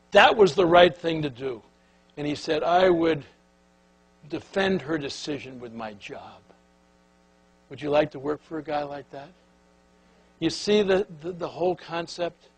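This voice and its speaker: Older male keynote speaker, husky and slightly high, animated storyteller who acts out the quotes; hum underneath. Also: measured pace, long pauses, poor audio. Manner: animated anecdotes with acted-out quotes.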